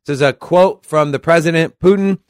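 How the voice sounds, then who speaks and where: On a crypto podcast, this co-host reads news pieces out loud and reacts with brash, foul-mouthed commentary, turning animated over the quotes. His mid-range voice is a little fast, captured in clean studio sound with no room sound.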